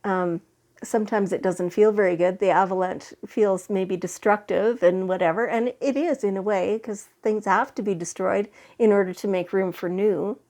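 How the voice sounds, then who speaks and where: A woman giving a weekly spiritual card reading in a gentle, reassuring way, getting over a head cold. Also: mid-range voice, fairly even intonation. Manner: slow, gentle, reassuring with fillers and restarts. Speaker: tarot and oracle card reader.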